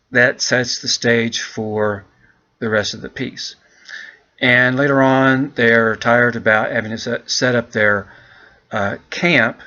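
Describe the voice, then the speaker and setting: Chatty male teacher, bright dull-sounding voice. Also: mid-range voice. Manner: relaxed, chatty, keeps addressing the class as "guys". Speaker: English teacher. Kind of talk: walking students through an essay on screen.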